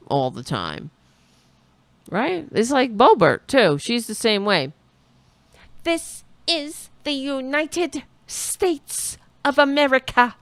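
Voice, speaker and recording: A woman's voice: on the low side, vocal fry, no room sound. A woman hosting a political talk show, giving sarcastic, rambling live commentary on a speech.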